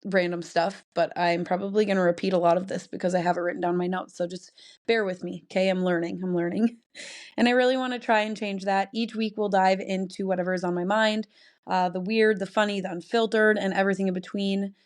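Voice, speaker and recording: A woman's voice: medium pitch, fairly even intonation, a little fast. Chatty young woman rambling on her podcast. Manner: rambling, chatty, laughs often. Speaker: podcast host. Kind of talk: casual solo podcast chat.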